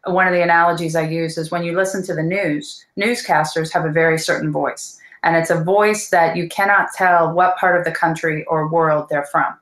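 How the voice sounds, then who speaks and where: A woman's voice: sits low, fairly even intonation, normal speed, few pauses, fairly bright tone, echoey room, low-quality recording. A woman speaking as a voice teacher in a casual interview, earnest and thoughtful, with many fillers.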